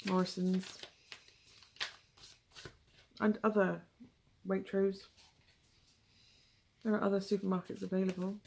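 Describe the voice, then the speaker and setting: A woman's voice: mid-range voice, level tone, slow pace, creaky, pauses often, dark tone. A young woman with a West Country English accent giving a casual, rambling tarot reading, full of asides and ums. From England. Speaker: tarot reader.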